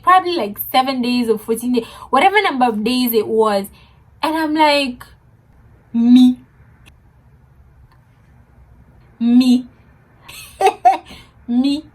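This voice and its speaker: Young woman vlogging a storytime, laughs a lot, voice sits a bit high. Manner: animated, laughing, mixes in Swahili words. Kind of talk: casual storytime.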